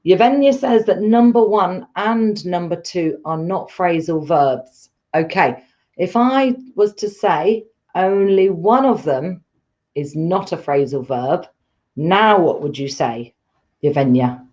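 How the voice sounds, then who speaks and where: A woman's voice: on the low side, animated, slow pace, darkish tone, highs cut off. A woman teaching a live online English lesson, patient and encouraging as she explains step by step.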